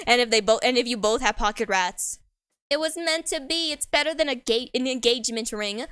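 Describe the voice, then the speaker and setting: A woman's voice: on the high side, brisk, a bit bright, clear, resonant tone, no echo, clean studio sound. A young woman streamer in casual chat, rambling playfully and laughing often.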